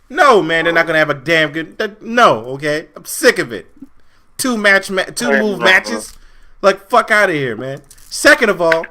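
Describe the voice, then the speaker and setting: A man's voice: high-pitched, sing-song, normal speed, bright, forceful tone. A young man co-hosting a casual wrestling review podcast, ranting with lots of swearing and repetition. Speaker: podcast co-host.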